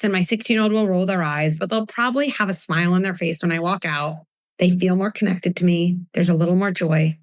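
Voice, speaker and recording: Animated woman in her forties, dry sound. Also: on the low side, fairly quick, no room sound. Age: 40s. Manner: animated, acts out scenes with her kids in changing voices. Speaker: parenting expert guest. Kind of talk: live talk before an audience.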